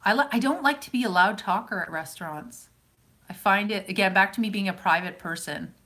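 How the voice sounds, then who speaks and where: A woman's voice: medium pitch, fairly quick, sharp tone. A woman with a Calgary, Alberta Canadian accent, chatting casually as a YouTuber who answers viewer comments, rambling and often breaking off mid-sentence. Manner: rambling, self-interrupting, chatty. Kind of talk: casual live chat.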